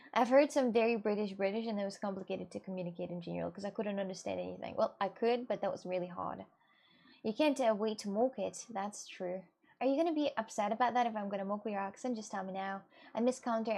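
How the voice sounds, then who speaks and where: A woman's voice: on the high side, a little mellow. Chatty young woman streamer. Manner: chatty, rambling with many fillers and repeats. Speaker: streamer reading chat. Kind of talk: casual live-stream chat.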